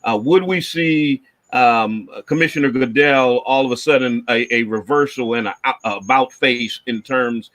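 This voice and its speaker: A man hosts a discussion panel and puts probing questions to his guests. His voice sits at an ordinary middle pitch, and he often stalls on fillers and repeats words as he works through a question. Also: normal speed, a bit bright. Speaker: host.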